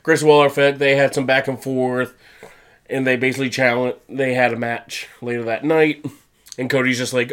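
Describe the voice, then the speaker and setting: A podcast co-host battling a stuffy head cold runs through the week in a loose, teasing recap, rattling off snarky paraphrases of wrestlers. His mid-range voice is level, smooth and fairly bright.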